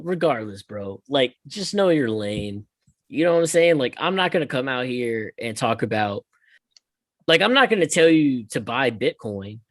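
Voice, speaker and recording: Animated, ranting male podcast host. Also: a little high, no room sound. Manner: animated, profane, swings loud and quiet. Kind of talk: casual ranting chat.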